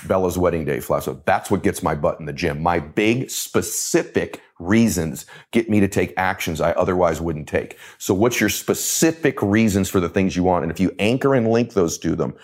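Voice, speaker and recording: Deep-voiced emphatic man telling stories. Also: moderate pace, hardly any pauses. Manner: emphatic, repeats phrases for effect. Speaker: motivational speaker and coach. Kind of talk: intense storytelling in conversation.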